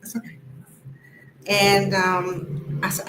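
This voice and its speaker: A woman hosting a live stream, telling a personal story in a lively way and acting out the voices of the people in it. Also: on the low side, measured pace, long pauses. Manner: animated, acts out the voices in her story. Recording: echoey room with faint music behind.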